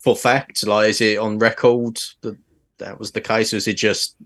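A man's voice: on the low side, little pitch movement, normal speed, fairly bright tone, no room sound. A man co-hosting a podcast, asking skeptical questions hesitantly. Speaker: podcast guest host. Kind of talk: casual discussion.

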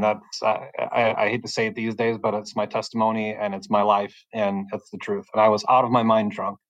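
Halting, emotional man, dry close sound. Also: medium pitch, fairly bright tone, no room sound, lo-fi sound. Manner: halting and emotional, repeating words as he restarts. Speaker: podcast guest giving testimony. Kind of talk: personal faith testimony, conversational.

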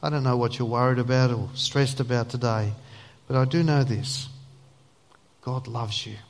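A man preaching a sermon in an earnest, emphatic way, then praying softly. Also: medium pitch, steady tone, normal speed, big-room sound. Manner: earnest, emphatic preaching, dropping to a soft prayer voice. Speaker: pastor.

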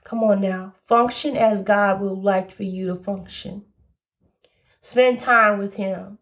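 A woman's voice: mid-range voice, fairly even intonation, slow pace, fairly bright tone, dull audio. A woman preaching a devotional message, exhorting listeners and repeating calls of encouragement, a little tearful. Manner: exhorting, repeats "come on now".

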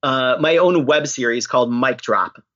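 A man's voice: medium pitch, normal speed, a bit bright, highs cut off. A man chatting playfully as a podcast guest, laughing easily. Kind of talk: casual interview chat.

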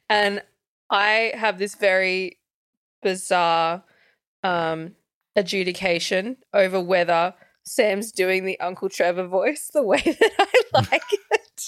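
A woman's voice: medium pitch, slow pace, a bit bright, no room sound. Casual podcast co-host: woman, frank, giggly, dry close mic. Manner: candid, laughs often, rambling asides. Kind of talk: casual chat.

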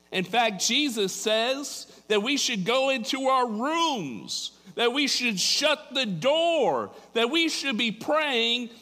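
A man's voice: high voice, pushed and bright. A man preaching a sermon, telling a Bible story dramatically and building to emphatic peaks. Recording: long hall reverb.

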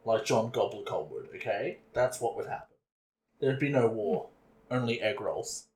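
A man's voice: lowish voice, lively intonation, normal speed, a little mellow, reverberant. A man co-hosting a hobby podcast, joking and crude in casual banter. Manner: joking, crude, frequent laughter. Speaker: podcast co-host.

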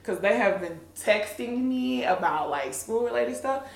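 A woman's voice: a little high, expressive, a little slow, vocal fry, reverberant. A woman co-hosting a casual podcast chat, talking candidly and bluntly, laughing often. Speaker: podcast co-host.

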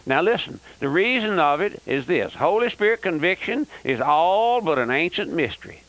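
A man's voice: a little high, fairly bright tone, rough recording. An older man preaching a fiery, emphatic radio sermon and repeating "that's right.". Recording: old radio broadcast.

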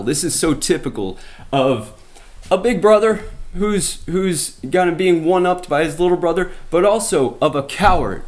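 A man with a slightly higher voice is teaching from the Bible. He tells the story in an animated way, breaking off and restarting as he goes, and talks straight to his listeners. Now and then his voice climbs when he gets worked up. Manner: animated retelling with frequent restarts and asides. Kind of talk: sermon.

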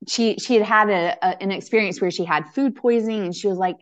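A woman's voice: mid-range voice, fairly quick, hardly any pauses. A woman hosting a podcast, chatting casually about spirituality with lots of "um" and "you know" as she rambles through her thoughts. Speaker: podcast host.

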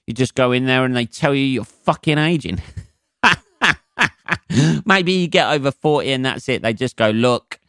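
A man's voice: lowish voice, fairly bright tone, clean tone, dry recording, clean studio sound. A man in his forties from England hosting a solo comedy podcast, rambling and swearing, with lots of fillers and chuckles at his own jokes.

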